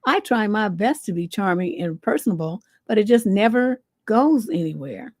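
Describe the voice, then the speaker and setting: A woman relationship coach hosts a livestream advice show. She gives blunt, sassy advice full of swearing, in a mid-pitched voice. The sound is dry and close to the mic. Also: lively intonation, normal speed, darkish tone, no room sound.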